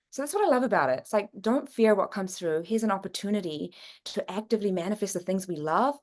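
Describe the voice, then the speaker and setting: Speaking a little fast with a darkish tone, a woman guest in a conversational interview earnestly explains psychic readings. Her intonation is lively, her pitch rising and falling as she talks.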